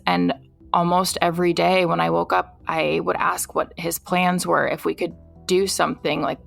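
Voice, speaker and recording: A woman from Iowa, a nurse, steadily recounting her own story and flatly reading out text messages. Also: on the low side, gravelly. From Iowa, USA. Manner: steady, reads his texts aloud flatly. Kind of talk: personal true-crime testimony.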